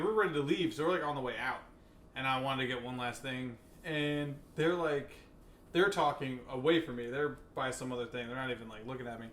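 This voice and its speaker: A man from Long Island co-hosting a casual podcast chat, talking in a chatty, animated storyteller way. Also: medium pitch. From Long Island, New York. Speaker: co-host. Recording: echoey room, faint noise.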